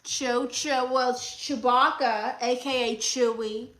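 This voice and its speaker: A woman hosting a comedy livestream as an advice-giving aunt, chatting casually with a sassy, teasing manner and reading comments out loud. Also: fairly high pitch, fairly even intonation, slow, low-quality recording. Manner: coos baby talk at her dog.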